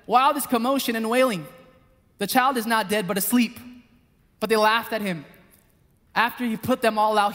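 Male pastor, high voice, impassioned sermon with loud and soft turns, long hall reverb. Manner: passionate, swings between loud appeals and hushed storytelling. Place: church hall.

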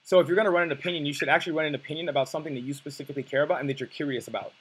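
A quick, husky man teaches a dating lesson. His voice sits a bit high for a man, and he rattles through points bluntly, swearing for emphasis. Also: steady tone, a bit bright, low-quality recording. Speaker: dating coach. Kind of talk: coaching lesson.

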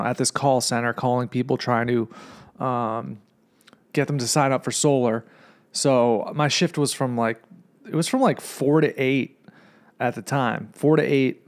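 A young man hosting a podcast, telling a rambling story with lots of swearing and filler words. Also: mid-range voice. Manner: rambling, profane, fillers like "you know what I mean". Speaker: podcast host. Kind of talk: casual storytelling monologue.

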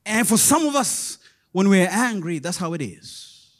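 A man preaching a sermon in a very high voice. He talks to the congregation in a lively, sing-song way and chuckles between points, with quick call-outs to the crowd. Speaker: pastor.

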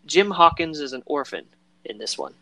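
A man's voice: on the high side, big pitch swings, normal speed, pushed and bright, no room sound. A man co-hosting a casual chat about a film, rambling with lots of fillers and acting out quoted lines in voices. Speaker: podcast co-host.

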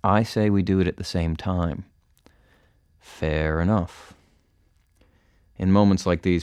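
A man narrates a first-person story in a very deep, level voice. His tone is smooth and clear, and the close recording is completely dry. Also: a little mellow, dry recording. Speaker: audiobook narrator.

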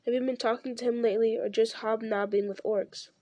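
A woman's voice: a little high, fairly even intonation, brisk, a little mellow, no echo, lightly acted. A woman doing a blunt, sarcastic young man.

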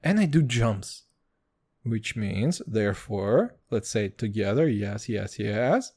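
Animated, profane male podcaster. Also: on the low side, takes it slowly, breathy edge. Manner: profane, jokey, self-mocking; animated, swings between loud and quiet. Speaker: podcast host. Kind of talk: rambling solo podcast rant.

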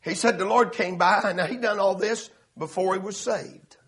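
A male preacher telling a story in a sermon, swelling into shouts and laughter. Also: high voice, normal speed.

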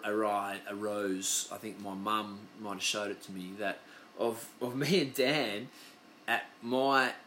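A man's voice: mid-range voice, sharp tone, a little hiss or hum. An Australian man hosting his podcast, telling stories in a loose, rambling, profane chat. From Western Australia. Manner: loose, profane, chatty storytelling. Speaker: podcast host. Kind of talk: casual rambling monologue.

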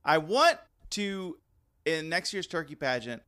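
A man's voice: fairly high pitch, sing-song, measured pace, sharp tone. A man hosting a podcast in loose banter who rambles and laughs often. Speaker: podcast host.

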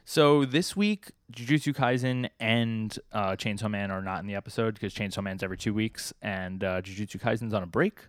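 A man with a fairly low voice co-hosts a casual podcast, recapping comic chapters in a loose, rambling way full of ums and likes. The sound is dry and close, with no room around it. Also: fairly quick, hardly any pauses, no echo. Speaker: podcast co-host.

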